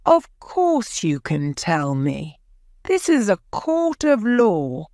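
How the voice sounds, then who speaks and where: A woman's voice: medium pitch, big pitch swings, slow, darkish tone, no echo, clean studio sound, pitched above the performer's own voice. A woman voicing a male defence lawyer who questions a witness firmly. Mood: probing. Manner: firm, probing questions.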